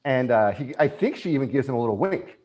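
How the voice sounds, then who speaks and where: A man as a podcast guest in casual chat, speaking with excited, emotional enthusiasm. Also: mid-range voice, fast, lo-fi sound. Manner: emotional, excited fan, animated retelling.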